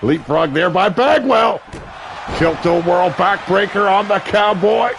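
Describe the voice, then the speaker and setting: A man calling a wrestling match play-by-play, brash and crude, with sudden shouted bursts of excitement. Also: high voice, measured pace, creaky, crowd noise, noisy background. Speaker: wrestling commentator. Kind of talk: play-by-play commentary. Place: seated at a ringside commentary table.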